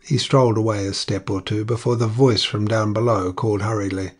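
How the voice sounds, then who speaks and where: Brief: male audiobook narrator, low and steady, measured delivery. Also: husky.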